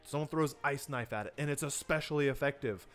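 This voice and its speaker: With a medium pitch and fairly bright tone, a man talks fairly quickly during a livestreamed workshop on writing tabletop RPG horror. The game design teacher is loose and chatty, with many fillers and restarts, acting out player reactions over faint music.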